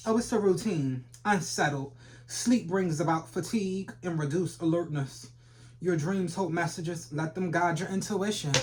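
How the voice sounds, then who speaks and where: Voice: medium pitch, moderate pace, a little mellow. Brash, profane tarot reader. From Philadelphia. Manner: brash and profane, trash-talking with sudden laughs. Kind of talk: casual tarot reading for viewers.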